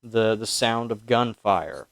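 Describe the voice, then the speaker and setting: A man's voice: lowish voice, vocal fry, no echo. Dry-voiced man running a tabletop game. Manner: halting, many fillers. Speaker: game master.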